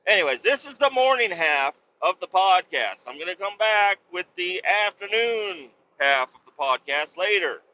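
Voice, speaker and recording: Profane ranting Midwestern trucker. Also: male voice, high voice, lively intonation, normal speed, few pauses, sharp tone, highs cut off. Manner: profane, ranting, mimics other drivers. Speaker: truck driver podcast host. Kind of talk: casual rambling monologue.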